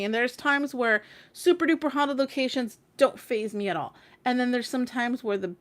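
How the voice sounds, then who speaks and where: A woman's voice: on the high side, moderate pace. Chatty woman telling a story on a livestream. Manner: chatty and animated, heavy with fillers and casual swearing. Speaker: tarot reader and stream host.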